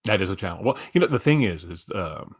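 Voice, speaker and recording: Low-voiced man telling a profane story. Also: lively intonation, quick pace, husky. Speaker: stream co-host. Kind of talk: casual chat, storytelling.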